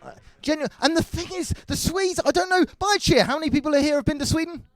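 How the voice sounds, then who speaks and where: On a comedy club stage, an English stand-up comedian performs his set in a high, slightly bright male voice. He's rapid, scattered and self-mocking, and he swears a lot.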